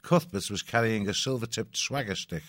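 Male storyteller, low voice, measured narration, dry close recording. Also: fairly bright tone, dry recording. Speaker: audiobook narrator.

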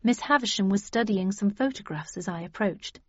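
A woman narrating a story in an even, wry first-person reading. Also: medium pitch, normal speed, husky, no echo. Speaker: audiobook narrator. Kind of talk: scripted narration. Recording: dull dry lo-fi audio.

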